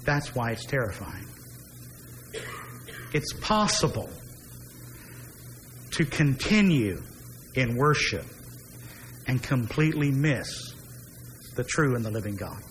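A man preaching an expository sermon who slows down and stresses key phrases, dropping his voice low on repeated refrains. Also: sing-song, fairly bright tone, a little hiss or hum, low-quality recording.

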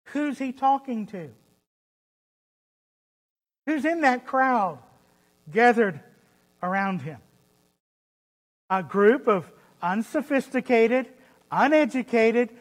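A preacher delivering a sermon, stressing points by repeating phrases and asking rhetorical questions. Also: medium pitch. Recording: long hall reverb.

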